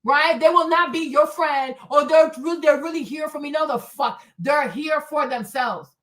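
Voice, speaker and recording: Heated, high-voiced woman ranting. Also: normal speed, a bit bright. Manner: profane, heated, emphatic repetition. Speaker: show host. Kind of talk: livestream commentary rant.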